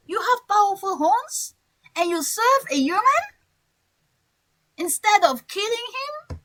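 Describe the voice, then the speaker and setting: A woman playing a baffled storybook wolf, high and bright, drawing out each incredulous question. It pleads and demands an answer it cannot work out. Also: heavily acted, poor audio.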